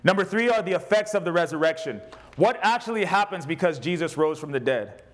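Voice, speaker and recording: Male pastor, sermon to a congregation, scripture reading, playful jokes, slightly high voice. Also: animated, a little fast. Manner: preaching with humor, reading scripture aloud. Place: church service with congregation.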